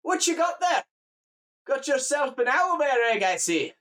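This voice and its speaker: A man voicing a gruff, red-bearded farmer, barking and scolding. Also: very high voice, big pitch swings, a little slow, pitched above the performer's own voice, full character voice. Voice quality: loud, barking. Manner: scolding, blunt.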